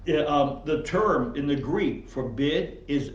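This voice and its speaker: A man's voice: on the high side, animated, slow, few pauses, reverberant, recorded from a distance, muffled recording. A man preaching a casual sermon as pastor, with many fillers and quotes he acts out. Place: church sanctuary.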